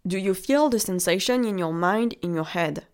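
A woman's voice: mid-range voice, moderate pace, darkish tone. A woman with a French accent, hosting a motivational podcast as a relationship coach and speaking in an encouraging way straight to the listener. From France.

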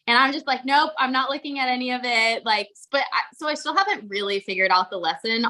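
With a bright, forceful, mid-range voice, a woman co-hosts a podcast and talks openly in a casual chat, using plenty of fillers and an occasional swear. She's a horse trainer.

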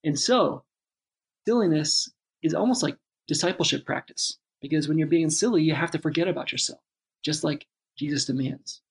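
A man, a father, in relaxed conversation, telling a long reflective story with many restarts and asides. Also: on the high side, moderate pace, gravelly, slightly rough. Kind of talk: casual chat.

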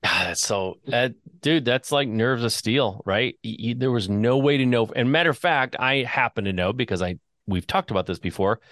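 A man's voice: medium pitch, normal speed, a bit bright, no echo. Casual male host, dry close sound. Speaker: podcast host. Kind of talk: casual interview chat.

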